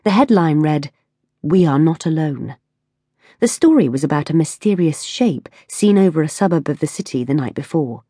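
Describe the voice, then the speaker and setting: A woman narrating an audiobook in a measured, even storytelling manner on a close studio mic. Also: sits low, husky, no echo. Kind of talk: scripted narration.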